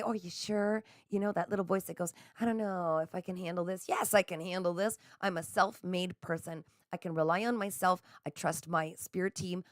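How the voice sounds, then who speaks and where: A woman's voice: mid-range voice, no room sound, clean studio sound. A woman giving a live tarot reading, effusive and encouraging, speaking straight to her viewers. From Canada. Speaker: psychic reader.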